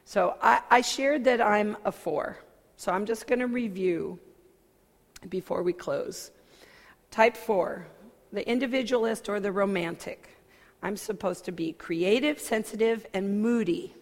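A woman church minister giving a personal sermon talk, expressive and self-mocking, swinging from soft asides to loud outbursts. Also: mid-range voice, a little slow. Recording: long hall reverb.

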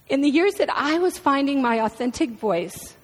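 A woman in her fifties preaching a sermon, expressive and storytelling. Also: high-pitched. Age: 50s. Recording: reverberant hall.

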